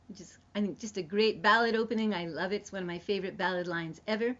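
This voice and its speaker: A woman's voice: mid-range voice, quick pace, few pauses, a bit bright. A woman leading an online singing lesson, explaining a ballad in a chatty way and then singing the refrain syllables. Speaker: song leader. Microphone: computer mic on video call. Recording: dull lo-fi video call audio.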